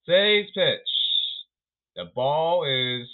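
A man rants about the game in a sarcastic, emphatic way, his voice swinging widely up and down. He talks slowly and a little high, and the sound is thin and tinny, like a phone line. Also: very animated. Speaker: baseball commentator. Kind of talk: sarcastic baseball rant.

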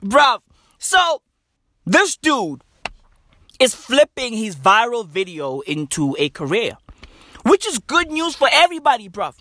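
Slow, animated woman. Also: a little high, no room sound. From South Africa. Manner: profane, slangy, repeats "right?" and "bruv". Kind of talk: comedic rant.

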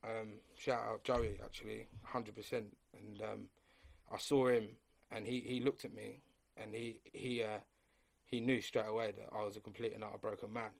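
A man's voice: lowish voice, level tone, moderate pace, vocal fry. A young man telling a personal story in casual conversation, rambling and repeating himself, often calling the listener mate. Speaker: guest.

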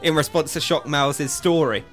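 Sardonic British co-host, high bright voice. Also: male voice, moderate pace, faint music behind. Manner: sardonic, swears freely. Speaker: podcast co-host. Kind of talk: casual chat. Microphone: voice chat over the internet.

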